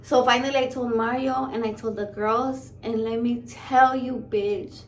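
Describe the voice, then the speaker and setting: A woman in her thirties telling a story to camera in a profane, blunt, excitable way. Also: a little high, normal speed, a little hiss or hum. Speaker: vlogger.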